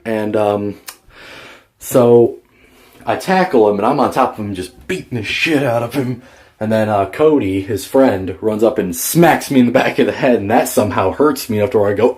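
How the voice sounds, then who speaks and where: Low-pitched man, casual rambling vlog storyteller, profane. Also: darkish tone. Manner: rambling, profane, many fillers. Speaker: vlogger.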